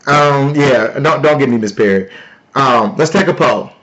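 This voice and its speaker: A man hosting a live stream, talking loudly and playfully to his viewers in a casual sales pitch. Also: measured pace, highs cut off. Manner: loud, playful, talks to chat. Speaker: livestream host.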